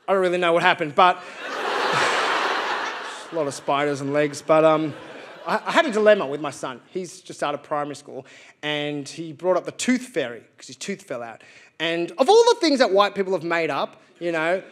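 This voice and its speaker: Brief: wry, animated stand-up comic, thirties, light high voice. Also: male voice, moderate pace. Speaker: stand-up comedian. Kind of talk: stand-up comedy. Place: live theatre stage.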